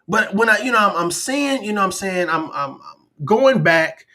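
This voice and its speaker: A man's voice: high-pitched, lively intonation, normal speed, bright, forceful tone. A man hosting a live-stream talk show, chatting casually and animatedly, often acting out other people's voices. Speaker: livestream show host.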